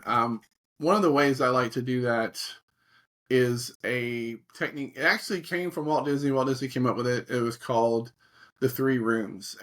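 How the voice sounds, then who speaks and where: Middle-aged male guest, mid-pitched, lively storyteller who voices quoted reactions. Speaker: guest, creativity facilitator. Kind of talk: conversational interview.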